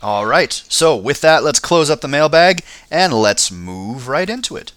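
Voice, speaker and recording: Brief: talkative male podcast host, bright tone, dry studio mic, stumbles over words. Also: on the high side, animated, a little slow, dry recording. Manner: chatty, stammers and laughs often. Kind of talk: casual comedic podcast chat.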